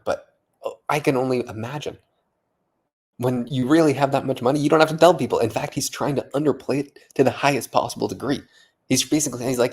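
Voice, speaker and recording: A man's voice: mid-range voice, brisk, a little mellow, husky. Tipsy man rambling in amazement. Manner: rambling, swears, repeats himself in amazement. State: a little tipsy from vodka. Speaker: vlogger. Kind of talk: casual late-night vlog monologue.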